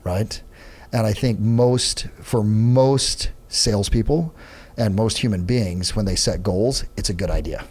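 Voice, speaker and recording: A man's voice: lowish voice, a little slow, husky. A man, a sales trainer and podcast guest, telling a story in casual chat and acting out the quotes as he goes. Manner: animated storyteller, acts out quotes in other voices. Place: podcast studio.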